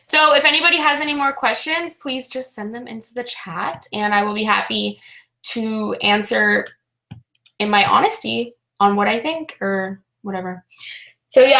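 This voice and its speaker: A young woman with a bright, clear tone talks casually to her live-stream chat from home. She rambles openly, trailing into fillers and restarts, and sounds a little flat and frustrated throughout. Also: mid-range voice. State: low-spirited, frustrated. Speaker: reseller vlogger answering live chat.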